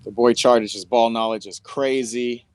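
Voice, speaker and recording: A relaxed young man talking to his live-stream chat during a football watch party. His slangy, easygoing delivery sits at an ordinary middle pitch. The sound is dry and close, with no room echo. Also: measured pace. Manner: laid-back, slangy, talks straight to chat. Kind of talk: casual live-stream chat over a match.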